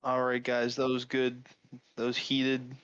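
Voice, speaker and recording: A man's voice: medium pitch, completely flat delivery, measured pace, a bit bright, smooth, highs cut off. Laid-back man co-hosting a podcast chat. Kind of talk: casual chat.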